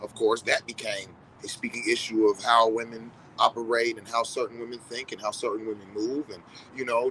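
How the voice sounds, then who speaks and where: A man's voice: medium pitch, pushed and bright, slight background noise, low-quality recording. A man in a reflective casual monologue, speaking directly to his viewers in a conversational, profane way. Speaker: vlogger.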